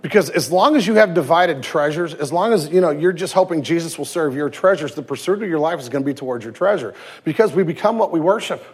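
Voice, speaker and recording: A man in his thirties, a pastor preaching a sermon with lively storytelling, swinging from loud emphasis to hushed tenderness. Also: fairly high pitch, quick pace, few pauses, slightly rough. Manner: acts out quoted voices and anecdotes.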